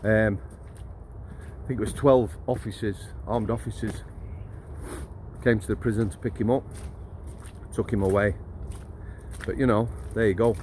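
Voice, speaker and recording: A man's voice: on the low side, fairly even intonation, measured pace, pauses often, a little mellow, a little hiss or hum. Blunt, jokey man. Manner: chatty, blunt and jokey, laughs mid-story, addresses viewers as guys. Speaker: former prison officer telling stories. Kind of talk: casual storytelling to camera.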